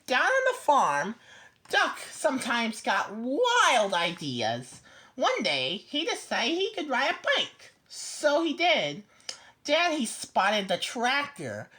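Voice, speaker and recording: A woman reading a children's picture book aloud slowly and expressively, with small stumbles. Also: on the high side, huge pitch swings, sharp tone.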